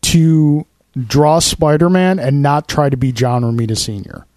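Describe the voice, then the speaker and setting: Fast-talking man explaining comic stories, dry mic. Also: on the high side, steady tone, darkish tone, no room sound. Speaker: podcast co-host. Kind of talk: casual chat about comics and films.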